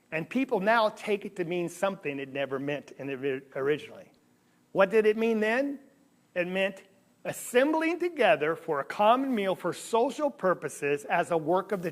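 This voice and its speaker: A man teaching a Bible class in a church hall, animated and asking the listeners questions. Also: sits high. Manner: animated, asks the audience questions. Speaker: preacher.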